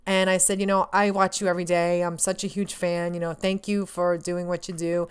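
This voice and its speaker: A woman vlogger telling a story in a casual, excitable, rambling way, full of fillers and acted-out lines of her own. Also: on the low side, fairly quick, smooth.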